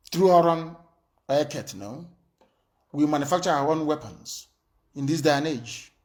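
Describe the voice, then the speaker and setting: A man with a Nigerian accent giving an impassioned, defiant live radio address. He speaks in a fiery, threatening way as a political broadcaster. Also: fairly high pitch.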